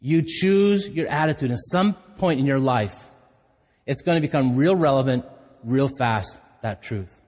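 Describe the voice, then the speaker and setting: A man's voice: medium pitch, expressive, a little slow, darkish tone. A middle-aged man preaching a sermon as pastor, telling stories in a candid, self-deprecating way. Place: church hall. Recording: hall reverb.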